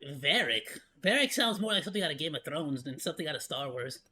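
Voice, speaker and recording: A VTuber streamer giving casual, rambling reaction commentary, excitable and sarcastic. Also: mid-range voice, racing, slight background noise.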